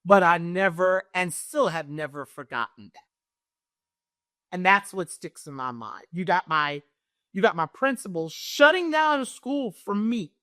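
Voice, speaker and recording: A middle-aged woman with a naturally loud voice, a guest telling an emotional personal story and acting out what others said. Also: on the low side, a little slow, no room sound, studio quality. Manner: animated, acts out what others said.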